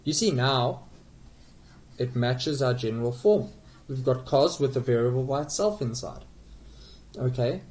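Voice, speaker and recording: A man's voice: medium pitch, a little mellow, low-quality recording. A man tutoring calculus, explaining step by step in a patient way with frequent okays and small self-corrections. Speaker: math tutor.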